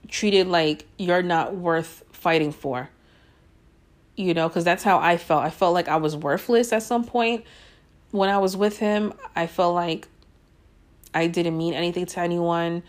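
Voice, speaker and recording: A woman in her thirties telling her own story to her listeners in a blunt, frank way, swearing freely and using lots of fillers. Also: on the low side. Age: 30s. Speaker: podcast host.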